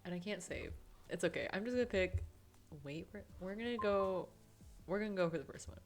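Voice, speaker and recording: A woman's voice: mid-range voice, expressive, a little fast. Chatty giggly young woman. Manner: chatty, giggly, with many fillers. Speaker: gaming channel host. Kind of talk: casual let's-play commentary and narration.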